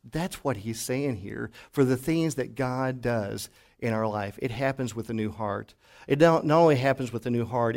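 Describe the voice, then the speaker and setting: A man's voice: a little high, a little mellow. A male pastor preaching a sermon in a church, telling folksy stories with frequent fillers and restarts. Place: church sanctuary.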